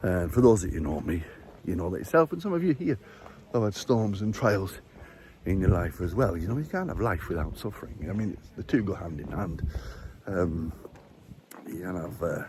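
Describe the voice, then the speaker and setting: Bloke talking to his camera while climbing a hill, slightly winded, low voice, faint hiss behind. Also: lively intonation, moderate pace. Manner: chatty, rambling, chuckles often. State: short of breath from climbing. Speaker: vlogger. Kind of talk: casual walking vlog with faith reflections. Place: outdoors, climbing hill stairs.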